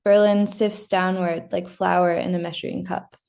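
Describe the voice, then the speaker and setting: A woman giving a measured, deliberate reading of her own first-person literary fiction. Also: fairly low pitch, flat delivery, vocal fry, a little mellow. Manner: measured, deliberate reading with occasional slips and restarts. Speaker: prize-winning fiction writer reading her story.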